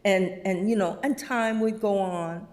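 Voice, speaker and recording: A woman's voice: mid-range voice, steady tone, measured pace, a little mellow, a little hiss or hum. Brief: middle-aged woman, eulogy storyteller, laughs through anecdotes, mimics voices. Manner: anecdotal, laughs often, acts out quoted voices. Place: funeral service.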